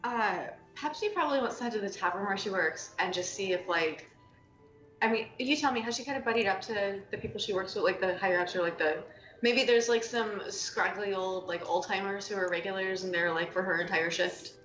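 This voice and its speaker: A woman's voice: medium pitch, fairly quick, fairly bright tone, soft background music. A woman playing a tabletop game, bubbly and rambling, full of "like". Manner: bubbly, rambling with many likes. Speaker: player. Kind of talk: casual tabletop role-play. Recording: roomy, dull lo-fi sound.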